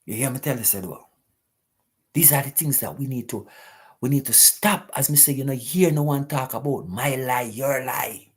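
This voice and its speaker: A man with a lilt talks on his live stream in a husky, slightly breathy voice, his pitch sitting at an ordinary middle height. He lectures with an emphatic, preachy drive and keeps circling back to rhetorical questions aimed at his listeners. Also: moderate pace. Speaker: host of a live talk stream. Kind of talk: live-stream talk, answering chat.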